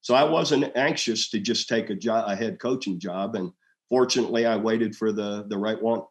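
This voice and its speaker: A man's voice: lowish voice, moderate pace. A man in his sixties, a former head coach, telling stories in a casual interview and acting out quoted dialogue. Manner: animated storyteller, acts out quoted dialogue in a raised voice.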